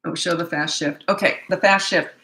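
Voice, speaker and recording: A woman's voice: lowish voice, steady tone, sharp tone. Chatty woman coach in an echoey room. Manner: chatty, frank, quick to laugh, acts out dialogue. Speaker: parenting coach. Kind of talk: live Q&A, casual advice.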